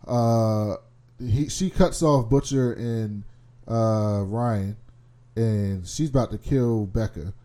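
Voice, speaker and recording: Male co-host, mellow timbre, animated casual recapper with a loose mouth. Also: fairly low pitch, slow. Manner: animated storytelling, swears freely.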